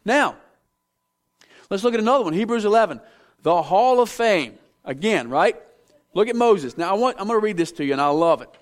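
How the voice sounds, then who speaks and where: A man's voice: high voice, a little fast. A man preaching a sermon, reading scripture and acting out the figures in it while calling on the congregation to respond. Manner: animated, acts out biblical figures, asks audience to respond. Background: audience in room.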